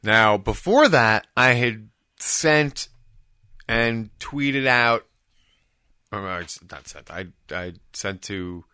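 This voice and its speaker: A middle-aged man co-hosting a podcast, telling a story in casual chat with lots of restarts and bursts of excitement. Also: on the low side, slow pace, clear, resonant tone, no room sound, clean studio sound. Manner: rambling, restarts, animated when excited. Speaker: podcast co-host.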